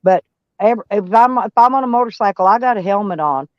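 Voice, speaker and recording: A woman's voice: mid-range voice, animated, fairly quick, no echo, dull audio. A woman from Arkansas with a Southern US country accent, chatting casually in a rambling, stop-start way. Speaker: van life vlogger. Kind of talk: casual chat.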